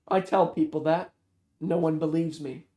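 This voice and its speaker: A man's voice: fairly high pitch, fairly even intonation, dark tone, lightly acted. A man voicing a dry, guarded woman FBI agent. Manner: dry, quick comebacks. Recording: roomy echo.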